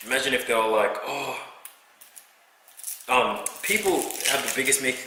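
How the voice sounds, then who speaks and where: Young male vlogger, slangy and rambling, recorded in an echoey kitchen with steady background noise. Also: mid-range voice. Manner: slangy, rambling, talks to camera while cooking. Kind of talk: casual cooking vlog. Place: home kitchen.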